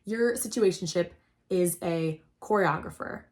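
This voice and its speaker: A young adult woman hosting a casual storytelling chat, rambling and excitable, saying "like" constantly. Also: lowish voice, measured pace. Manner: rambling and excitable, heavy use of "like". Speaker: host.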